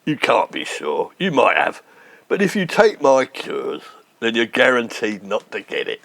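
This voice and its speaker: A man putting on a gravelly con man selling quack cures in a comedy sketch. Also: medium pitch, wildly swooping pitch, measured pace, a bit bright, pitched below the performer's own voice, heavily acted. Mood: sly salesman. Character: cackling roguish middle-aged con man, gravelly.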